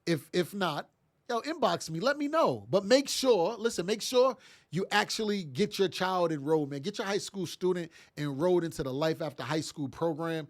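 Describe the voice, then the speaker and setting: A man's voice: high-pitched, animated, moderate pace. A middle-aged man, congested from sinus trouble, giving a motivational talk as a parenting podcast host in a casual, emphatic, repetitive way. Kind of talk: motivational monologue.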